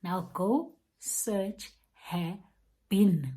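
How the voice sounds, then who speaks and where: Woman voicing a calm divine voice, low, soft, soothing, reassuring. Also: extremely slow.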